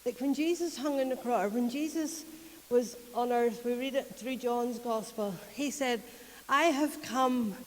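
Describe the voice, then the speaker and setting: A woman's voice: a little high, normal speed, warm tone, long reverb tail, low-quality recording. A woman with a Northern Irish accent preaching a conversational sermon, retelling a story in a chatty way and often laughing. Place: church.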